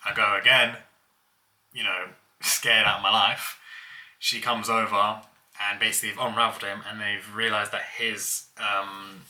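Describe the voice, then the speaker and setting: A man's voice: lowish voice, little pitch movement, moderate pace, bright, forceful tone. A young man casually telling childhood stories, laughing as he goes. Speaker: vlogger. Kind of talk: casual storytelling.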